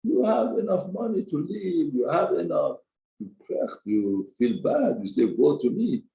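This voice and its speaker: A man's voice: a little high, sing-song, measured pace, vocal fry, mellow, roomy sound, slight background noise, voice pushed up, exaggerated voice, rough recording. A man voicing God as a stern, all-powerful figure who rebukes in an exasperated tone. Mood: rebuking.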